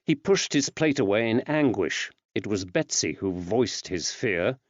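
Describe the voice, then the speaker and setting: Expressive male audiobook narrator. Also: fairly low pitch, no echo. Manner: expressive, measured reading. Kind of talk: scripted narration. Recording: dry, slightly dull recording.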